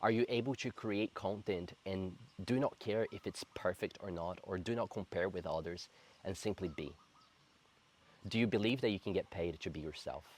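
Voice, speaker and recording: Low-voiced earnest man in his thirties. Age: 30s. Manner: earnest, reflective, slow and heartfelt. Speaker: spiritual coach. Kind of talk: personal spiritual storytelling to camera.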